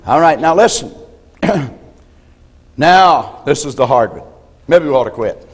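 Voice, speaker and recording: An older man preaching a sermon as a pastor, telling folksy stories and often clearing his throat. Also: a little high, lively intonation, a little slow. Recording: reverberant church hall.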